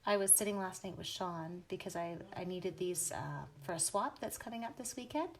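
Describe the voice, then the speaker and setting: A woman's voice: on the low side, moderate pace, slight background noise. A Canadian woman hosting a live craft stream from home, chatting and giggling at herself as she stamps and colors and greets viewers by name.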